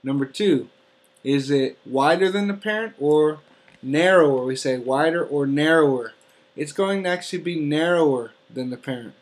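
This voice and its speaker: Guy teaching algebra, kinda high voice, keeps going "okay?" between steps. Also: normal speed. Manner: explains step by step, checks in with "okay?". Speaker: math teacher. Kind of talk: classroom math lesson.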